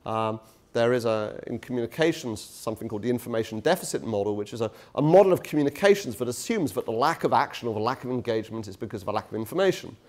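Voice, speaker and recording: A man's voice: medium pitch, quick pace, a little mellow. A middle-aged man giving a university lecture in a conversational, self-deprecating way, with many fillers and restarts. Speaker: guest lecturer. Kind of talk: public lecture. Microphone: touchy handheld mic.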